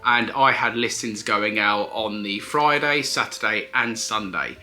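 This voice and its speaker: A man's voice: on the low side, measured pace, bright, forceful tone. A man, casually answering viewer questions in a chatty, explanatory vlog. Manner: chatty, explanatory, self-correcting. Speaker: eBay reseller vlogger.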